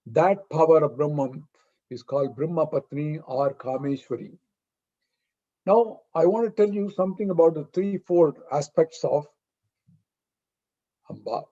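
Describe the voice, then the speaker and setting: A man with a fairly high voice delivers a devotional lecture over a video call. He talks earnestly and patiently, posing questions and then answering them himself. The sound is slightly muffled and lo-fi. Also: measured pace, long pauses, warm tone. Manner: earnest, explains terms patiently with rhetorical questions. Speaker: spiritual discourse speaker.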